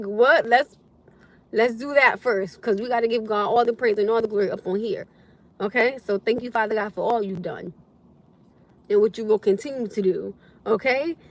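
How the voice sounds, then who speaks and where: With a slightly high voice, a woman reads scripture and expresses thanks to viewers during a relaxed phone livestream she hosts, laughing and exclaiming often. A little hiss or hum can be heard.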